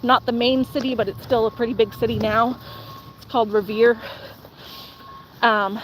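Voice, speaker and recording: A woman's voice: a little high, fairly even intonation, moderate pace, a little hiss or hum. A young woman streaming outdoors, chatting casually in a rambling way full of "like" and "um" while answering viewer comments. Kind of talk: casual chat.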